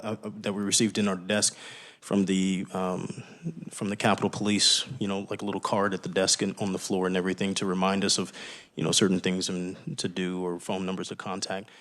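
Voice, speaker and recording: A state representative asking a long, rambling question at a committee hearing, clearing his throat now and then. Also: on the low side, fairly bright tone.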